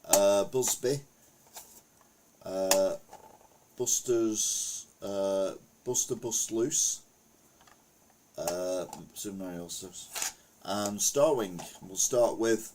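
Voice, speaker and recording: A man's voice: lowish voice, drawn-out words, pauses often, a little mellow, a little hiss or hum. A middle-aged man from England chatting casually on a retro gaming live stream, rambling through old stories and reading chat aloud. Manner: rambling anecdotal storytelling, reads chat aloud.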